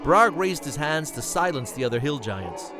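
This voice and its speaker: A man narrating an amateur fantasy story in a plain, steady way. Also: a little high, moderate pace, music in the background, low-quality recording.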